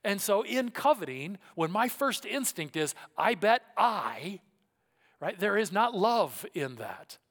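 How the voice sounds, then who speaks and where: Male pastor, slightly high voice, emphatic sermon with loud-to-hushed swings and rhetorical questions, long reverb of a hall. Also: big pitch swings, measured pace, few pauses. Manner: asks rhetorical questions, frequent "right?".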